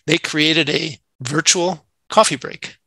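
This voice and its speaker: Gravelly, earnest male CEO guest. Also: fairly high pitch, slow pace, sharp tone, dry recording, poor audio. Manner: earnest, acts out quoted dialogue in anecdotes. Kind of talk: conversational interview storytelling.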